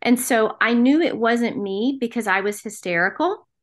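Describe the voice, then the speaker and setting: A woman's voice: a little high, normal speed. A middle-aged woman from the American South, telling her personal story as a podcast guest in an earnest, emotional way. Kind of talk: personal testimony in an interview.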